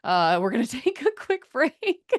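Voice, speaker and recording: A woman's voice: high voice, sing-song, a little slow, no room sound, clean studio sound. Playful woman hockey podcast host. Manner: playful, joking, laughs often. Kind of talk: casual sports chat. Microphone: studio microphone.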